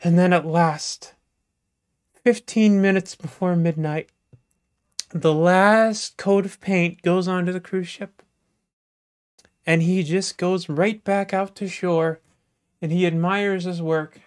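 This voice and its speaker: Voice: mid-range voice, steady tone, a little mellow. Playful live joke-teller. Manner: drawn-out, playful narration with sudden bursts. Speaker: comedic storyteller. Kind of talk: live shaggy-dog joke telling.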